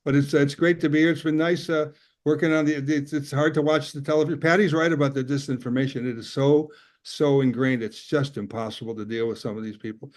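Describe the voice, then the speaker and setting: A man's voice: a little high, brisk. Older Chicago man doing stand-up. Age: 60s. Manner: rambling deadpan jokes, puts on character voices. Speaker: stand-up comedian. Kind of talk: stand-up set.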